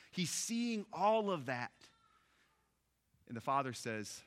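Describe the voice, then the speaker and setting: A man preaching a sermon, expressive, dropping soft on key phrases and rising when animated. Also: mid-range voice, measured pace. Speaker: pastor.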